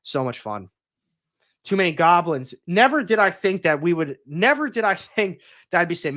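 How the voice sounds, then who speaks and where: A young man chats on his livestream in a slightly higher voice, rambling and opinionated. He keeps restarting his sentences as he talks. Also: sing-song, moderate pace, fairly bright tone. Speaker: comics YouTuber hosting a livestream. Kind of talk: casual livestream chat.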